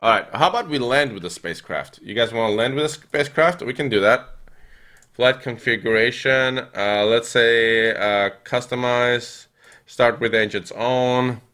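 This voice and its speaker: A young man streaming a flight game, chatting with viewers and thinking aloud with lots of fillers, now and then breaking into excited yells. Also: medium pitch, normal speed. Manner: reads and answers viewer chat while playing. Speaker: gaming streamer. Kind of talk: live gameplay commentary.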